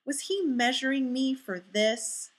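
A woman reading a first-person story aloud in an intimate, measured and expressive way. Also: sits high. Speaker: story reader.

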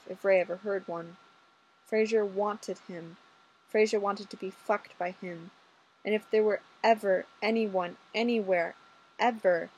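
A woman reading fan fiction aloud in a casual, expressive storytelling manner. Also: mid-range voice, rough recording. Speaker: audiobook reader.

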